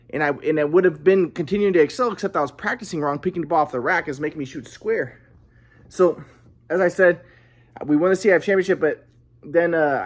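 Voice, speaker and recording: A man's voice: on the high side, roomy sound. A man telling a personal story in a casual, rambling monologue, repeating himself while demonstrating moves.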